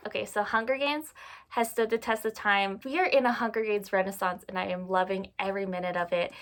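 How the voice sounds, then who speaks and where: A woman's voice: medium pitch, a bit bright. A woman in her twenties talking casually to her phone camera by her bookshelves, chatty and self-mocking, laughing often. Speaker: booktuber. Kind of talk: casual vlog monologue.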